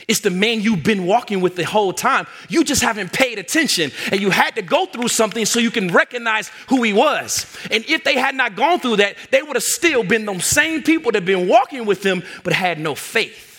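A man's voice: sits high, expressive, brisk, hardly any pauses, bright, forceful tone, slightly rough. A man preaching a sermon in an emphatic, conversational storytelling manner.

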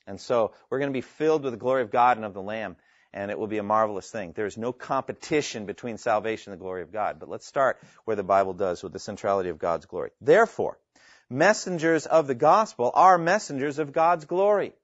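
A man's voice: on the low side, fast, no echo. Earnest male Bible teacher, dry dull sound. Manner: earnest and emphatic, reads scripture aloud and explains it. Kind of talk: Bible teaching to a live class, taking questions.

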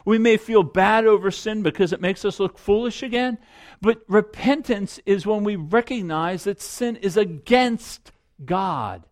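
A middle-aged man preaches with a fairly high voice. He speaks earnestly and reflectively, pausing and repeating phrases to drive a point home. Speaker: pastor. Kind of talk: sermon.

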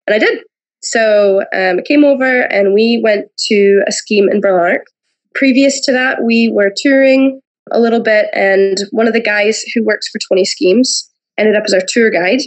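A woman's voice: mid-range voice, rough recording. A woman speaking as a podcast guest, an American with a slight Scottish lilt, talking in a chatty storytelling way and laughing often. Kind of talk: casual conversation.

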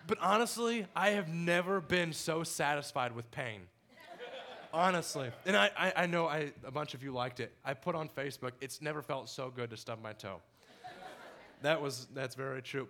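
A young man telling his personal story to a church congregation, animated and laughing often as he acts out his own past words. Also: mid-range voice. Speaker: church member giving testimony.

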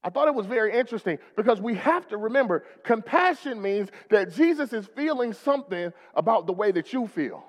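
A man's voice: sits high, lively intonation, brisk, few pauses, big-room sound. A male pastor preaching a rousing sermon in a church, calling for responses from the congregation.

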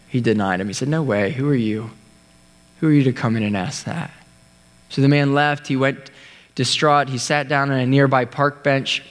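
Man preaching in a reverberant hall. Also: medium pitch. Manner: storytelling, earnest, with pauses and restarts. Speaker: pastor. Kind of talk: sermon.

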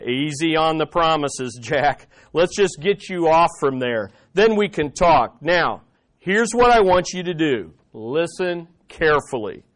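A steady, lowered divine voice speaks down from above, as a preacher puts it on, slow and calm with quiet authority. It sounds patient and reassuring, never rushed. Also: male voice.

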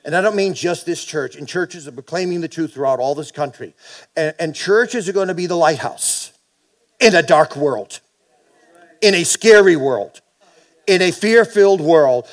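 Pastor, middle-aged male, slightly high-pitched, sermon delivery with call-and-response and energetic peaks. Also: moderate pace. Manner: preaching with call-and-response, animated bursts.

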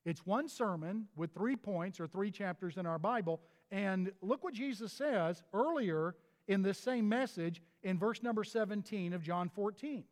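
A man's voice: high-pitched, animated, measured pace, hardly any pauses, in a large hall. A pastor delivering a sermon in an earnest manner, often restarting his phrases.

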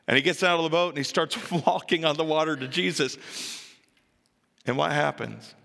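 A man preaching a sermon to his church, telling a story with animated acted-out voices and building to emphatic peaks. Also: a little high, normal speed, creaky, long reverb tail. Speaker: pastor.

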